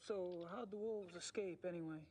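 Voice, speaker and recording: A man's voice: high-pitched, moderate pace, mellow. An actor voicing a curious young man asking probing questions in a video game. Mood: inquisitive.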